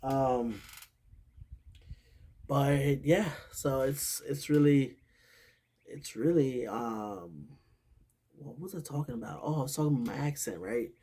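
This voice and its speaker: A man from New York with a New York accent, hosting his own vlog outdoors near a highway and chatting in a rambling, easygoing way. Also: slow pace, pauses often, mellow, slightly rough. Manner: rambling and chatty, with many fillers and laughs. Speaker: vlog host. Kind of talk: casual chat. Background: passing traffic.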